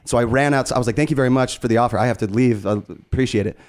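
A musician from Las Vegas, USA, guesting on a podcast, chats casually in a mid-range voice at a racing pace. He's excitable, tells stories between bursts of laughter, and swears freely.

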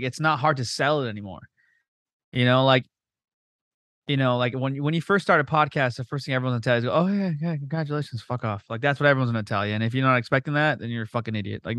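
Fast-talking profane podcast host, a man. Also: medium pitch, dry recording. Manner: profane, animated, quick storytelling with voiced quotes. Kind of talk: casual chat.

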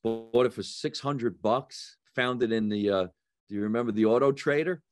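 A man's voice: medium pitch, moderate pace, dry recording, studio quality. A male comedian guest telling stories in a casual chat, acting out the people he quotes. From New Jersey. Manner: animated storyteller, acts out quotes in raised voices.

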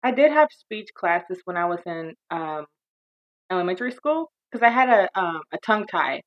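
A woman's voice: fairly low pitch, moderate pace. A woman in her thirties, a podcast co-host, talking casually and animatedly about work and growing up. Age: 30s. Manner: chatty, animated, breaks into a bright phone voice. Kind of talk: casual chat. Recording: slightly dull lo-fi sound.

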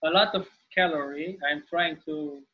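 A man from Romania with a Romanian accent, a guest in a casual interview, speaking halting English as he searches for words and laughs often. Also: on the high side, steady tone, highs cut off, a little hiss or hum.

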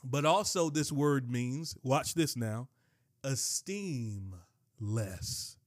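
Pastor guy preaching, slow and emphatic, repeats stuff, reads scripture, dry sound. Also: mid-range voice, animated, no echo. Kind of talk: sermon.

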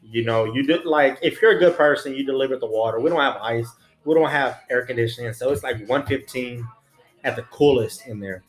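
A man's voice: medium pitch, brisk. A man, a former prison officer, telling a story in casual, blunt, profane street slang. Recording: roomy echo, faint music.

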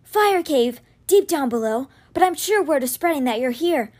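A woman voicing a boy with a raspy, weakened voice in a storybook reading. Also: sits high, animated, normal speed, a little mellow. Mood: urgent. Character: raspy boy with a weak, recovering voice. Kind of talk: reading a children's novel aloud.

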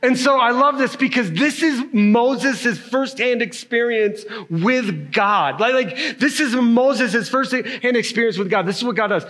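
A man preaching a sermon, animated and emphatic, checking in with his listeners often. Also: extremely high pitch, measured pace, hardly any pauses. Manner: animated, emphatic preaching with frequent "right?" tags. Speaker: pastor.

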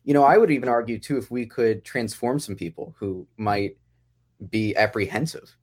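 A man's voice: mid-range voice, moderate pace, darkish tone. A man who writes and directs a podcast sitcom, talking casually in a rambling way, often breaking off mid-phrase and chuckling.

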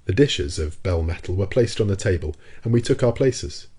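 Male narrator, low pitch, mellow dark tone, steady measured reading, audiobook. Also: husky. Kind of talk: scripted narration of a classic novel.

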